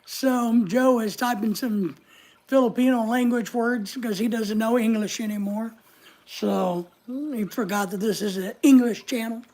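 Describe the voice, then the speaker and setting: A man's voice: extremely high pitch, unhurried, a little mellow. A man hosting a casual live stream, rambling in a chatty, joking way and greeting viewers by name as he reads their comments. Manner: rambling, chatty, jokey asides; talks straight to viewers by name. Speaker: livestream host reading viewer comments.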